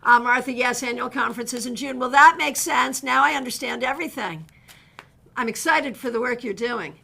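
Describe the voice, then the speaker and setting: A woman's voice: on the high side, normal speed, gravelly, sharp tone. A woman giving live tarot readings, chatty and direct, greeting viewers by name and giving blunt advice. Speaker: tarot reader. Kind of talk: live-stream card readings.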